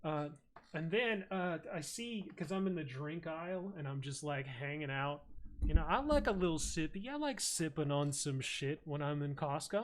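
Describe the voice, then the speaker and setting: A man's voice: fairly high pitch, animated, moderate pace. A man streaming, telling a rambling, crude and absurd comic story full of swearing. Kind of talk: casual comedic rant.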